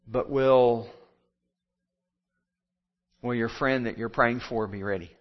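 A man preaching to his congregation in a steady mid-range voice. He builds his points through repeated phrases that rise and fall. The recording sounds muffled and lo-fi. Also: mid-range voice, slow. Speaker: pastor. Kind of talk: sermon.

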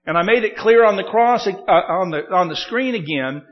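A man preaching a sermon, teaching verse by verse and slowing down to lift up the quoted lines. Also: high voice, animated, dull audio. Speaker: pastor.

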